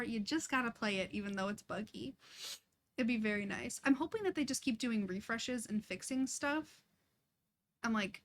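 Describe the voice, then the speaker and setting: A woman's voice: on the high side, animated, a little fast. A young woman chatting casually and laughing often as she streams a life-sim game, chatty and self-deprecating. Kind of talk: casual live-stream chat while playing.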